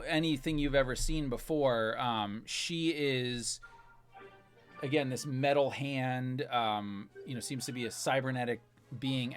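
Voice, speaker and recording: Man narrating a tabletop game. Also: medium pitch. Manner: rambling, filler-heavy narration. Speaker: game master.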